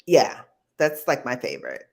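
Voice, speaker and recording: A woman with a notably low voice chats as a guest on a livestream. She tells stories at an easy pace, filling pauses with plenty of ums. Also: wildly swooping pitch, creaky. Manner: chatty storyteller, many ums. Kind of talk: casual livestream chat.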